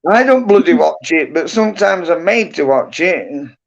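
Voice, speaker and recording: A man's voice: on the high side, expressive, normal speed, creaky. A middle-aged man, chatting casually on a livestream, rambling and swearing with lots of "and that" and "you know". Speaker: livestream host. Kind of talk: casual chat. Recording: dull lo-fi livestream audio.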